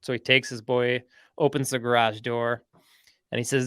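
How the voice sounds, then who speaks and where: A man's voice: medium pitch, little pitch movement, moderate pace, a bit bright, smooth, no echo. Chatty man telling a story. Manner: chatty, rambling, lots of "like" and "right?". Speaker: podcast host. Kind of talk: casual storytelling.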